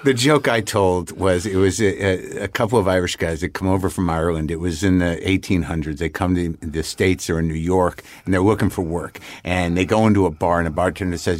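A man's voice: sits low, a little fast, few pauses, no room sound. A man hosting a casual chat, stumbling over his words with many restarts as he tells a story. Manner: hesitant, many restarts, laughs while telling a story.

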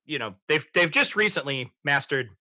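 A man in his thirties hosting a podcast, reflecting in a halting way with many restarts as he talks through a film. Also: fairly high pitch, expressive, bright, forceful tone, dry recording. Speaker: podcast host. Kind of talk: casual movie discussion.

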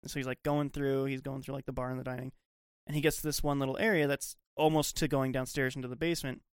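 Animated young man, smooth voice. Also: mid-range voice, quick pace, no room sound, studio quality. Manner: animated, acts out quotes, swears. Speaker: podcast co-host. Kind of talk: casual chat, retelling scenes.

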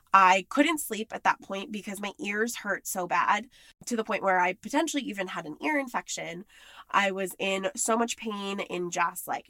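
A woman's voice: mid-range voice, sharp tone, no echo. A woman talking candidly and with frustration in a casual monologue, emphatic and blunt.

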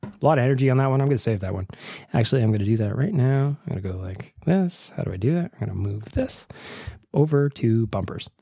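Male podcast host, mid voice, dry close mic, animated and jokey. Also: mid-range voice, fast talker, no room sound. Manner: animated, swearing, mock outrage. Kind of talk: casual podcast chat.

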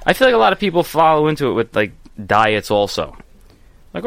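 A man's voice: fairly high pitch, sing-song, a little fast, creaky, a bit bright, no echo. A man co-hosting a casual podcast, telling stories in long asides. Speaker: podcast co-host. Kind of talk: casual chat.

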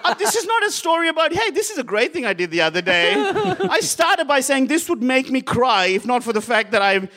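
A man's voice: extremely high pitch, sing-song, brisk, few pauses, bright, forceful tone. A man from Sri Lanka telling a rambling, self-mocking story to a laughing live crowd in a bar. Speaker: comedian.

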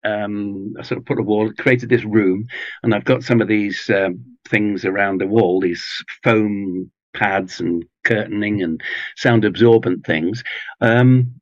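A man with an English accent, chatting in an interview in a relaxed, rambling way with many ums and restarts. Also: lowish voice, unhurried, no echo, muffled recording. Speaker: audiobook narrator guest. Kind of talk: casual interview chat. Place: home garage booth with foam pads.

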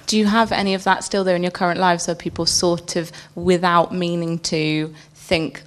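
Woman, podcast host, chatty panel talk, slightly low voice. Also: little pitch movement, moderate pace, few pauses. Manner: chatty, laughs between questions. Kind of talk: live panel podcast chat.

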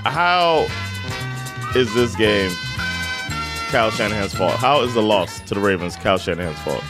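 A man's voice: fairly low pitch, animated, moderate pace, loud music behind the voice. A man co-hosting a casual sports podcast, laid-back and chuckling, answering in short agreeing replies. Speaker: podcast co-host.

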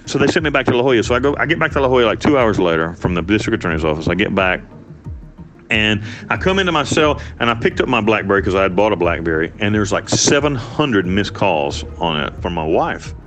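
Profane, animated man telling a story. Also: lowish voice, fast, faint music behind. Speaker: interviewee, former prisoner. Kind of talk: casual storytelling interview.

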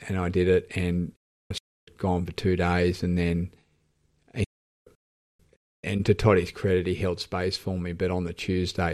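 An Australian man, a podcast guest, telling his own story candidly in a reflective, halting way, with frequent restarts. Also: sits low.

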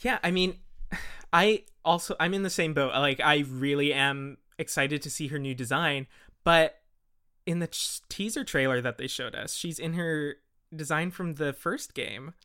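Guy hosting a game podcast, bright voice, rambly, laughs a lot. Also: fairly high pitch, a little slow, clean tone. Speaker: podcast host. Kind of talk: casual chat.

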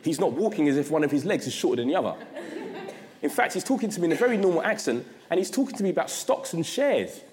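A man from South London with a London accent, giving an address as a guest speaker. He tells his story in an animated way and acts out his own past thoughts. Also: fairly high pitch, fast. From South London, England. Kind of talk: storytelling talk. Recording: long reverb of a large hall.

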